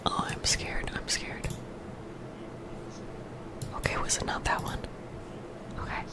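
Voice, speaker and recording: A young woman whispering through an ASMR livestream, giggly and self-mocking as she talks straight to her chat. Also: slow pace. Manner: addresses chat directly. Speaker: ASMR streamer. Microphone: earbuds with a streaming mic.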